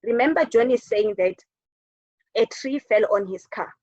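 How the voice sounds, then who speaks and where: A woman teacher with a South African English accent gives a recorded lesson, speaking emphatically, repeating words for stress, and answering her own questions. Her voice is on the high side and darkish in tone, at a moderate pace. The lo-fi recording is dull and dry, with no room sound.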